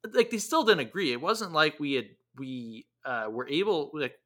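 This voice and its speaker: A man's voice: a little high, lively intonation, moderate pace, bright, forceful tone. A man hosting an interview, reflecting hesitantly on his own experience. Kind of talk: conversational interview.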